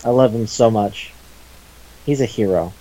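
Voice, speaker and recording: A man's voice: lowish voice, a little slow, mellow, rough recording. A man co-hosting a casual chat show about manga, enthusiastic and profane, rambling with restarts. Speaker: podcast co-host.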